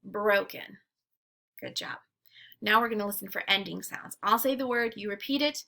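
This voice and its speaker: A woman teacher leading a phonics drill, saying each word slowly and clearly so it can be repeated back. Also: medium pitch, pushed and bright. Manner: slow, clearly enunciated, repeating words. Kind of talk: phonemic awareness drill.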